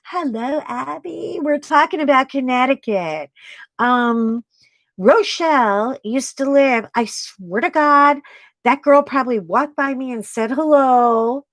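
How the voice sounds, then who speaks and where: A woman's voice: sits high, slow, dry recording. A woman hosting a live stream, chatting casually with viewers while she crafts. She rambles, laughs often and trails off mid-sentence. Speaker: livestream host.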